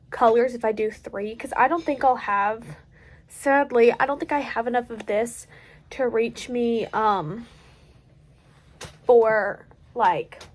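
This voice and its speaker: An eighteen-year-old woman with a light Southern US country accent, rambling and joking through a casual late-night crochet vlog at home. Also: a little high. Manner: rambling, chatty, self-joking. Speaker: crochet vlogger.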